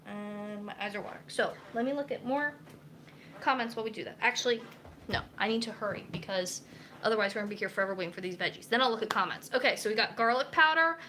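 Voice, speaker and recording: A young woman talks through a cooking stream in a chatty, rambling way, full of fillers and restarts. Her voice is bright and a little high. She is recorded in her kitchen with faint noise behind her. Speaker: dietitian hosting a live cooking stream. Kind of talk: casual chat while cooking. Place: home kitchen. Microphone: camera mic.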